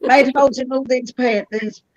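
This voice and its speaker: A woman's voice: high voice, fairly even intonation, normal speed. A woman, a guest on an interview show, chatting and telling stories about her husband. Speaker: guest, comedian's wife. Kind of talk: casual anecdote telling. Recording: dull lo-fi sound.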